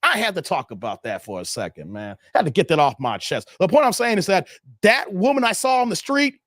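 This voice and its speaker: Animated man telling a rant. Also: high-pitched, brisk, dry recording, clean studio sound. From Chicago, USA. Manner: animated, profane, talks straight to viewers. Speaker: YouTube commentator. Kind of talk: casual storytelling rant.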